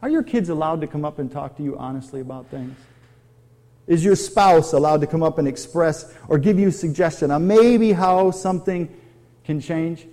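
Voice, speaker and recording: A man's voice: on the high side, normal speed, dark tone. A middle-aged man preaching a sermon, conversational and full of questions to his audience. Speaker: pastor.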